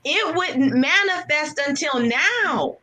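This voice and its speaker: Earnest higher-voiced woman sharing testimony. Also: animated, slow, bright, forceful tone, poor audio. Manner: earnest, faith-filled storytelling. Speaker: guest, veteran and nonprofit founder. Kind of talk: personal testimony in an interview.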